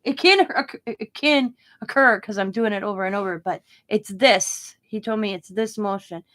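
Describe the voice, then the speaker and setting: A woman's voice: mid-range voice, normal speed, a bit bright. A middle-aged woman chatting casually about her day while she crafts, rambling and laughing as she goes. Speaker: craft vlogger.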